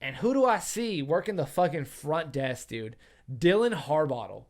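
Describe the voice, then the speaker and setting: A man's voice: fairly high pitch, very animated, normal speed. A young man hosting a casual podcast, telling profane, laughing stories and acting out his friends' voices. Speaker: podcast host.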